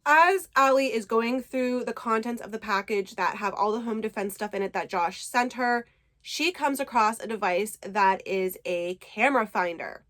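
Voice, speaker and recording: A chatty woman with a fairly high voice recaps a book for her viewers. She talks casually and with enthusiasm and drops in the odd swear word. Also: normal speed, fairly bright tone. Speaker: book reviewer.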